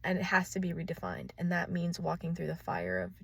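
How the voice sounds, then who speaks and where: Woman, slightly low and gravelly, dry close sound, raw confessional vlogger, intense and profane. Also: very animated, a little fast, no room sound. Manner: intense, profane, swings from hushed to loud.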